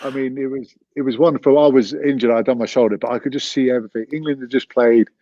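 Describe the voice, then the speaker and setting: Mellow-voiced man, teasing chat. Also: medium pitch, steady tone, fast, no room sound, muffled recording. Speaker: podcast guest, former rugby captain. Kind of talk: casual chat.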